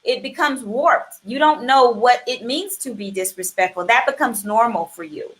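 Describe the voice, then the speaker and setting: A woman in her forties who hosts a talk show and tells animated stories, acting out the voices she quotes. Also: fairly high pitch, normal speed. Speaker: host. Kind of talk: casual conversation.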